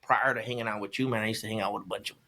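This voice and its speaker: Laid-back man swapping rough stories. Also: on the low side, rapid-fire, a little hiss or hum. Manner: relaxed, swearing storyteller who acts out quoted voices. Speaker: podcast guest. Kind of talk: casual chat.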